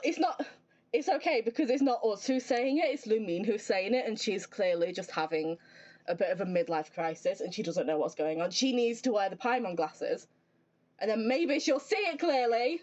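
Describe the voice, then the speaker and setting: Animated woman ranting at a game stream. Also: high voice, unhurried, dull audio. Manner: animated, exasperated, playfully ranting. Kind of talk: live game commentary.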